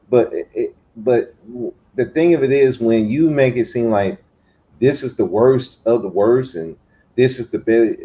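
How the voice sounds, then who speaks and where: Man, podcast panelist, casual commentary, mellow dark tone, dull lo-fi audio. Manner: animated, builds to emphatic higher pitch.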